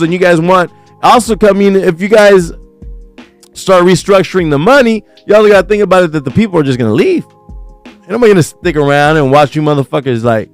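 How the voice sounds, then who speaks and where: A man hosting a casual news commentary livestream, talking in profane, slangy rants that get animated when he is worked up. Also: high voice, clean tone, no room sound. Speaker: host.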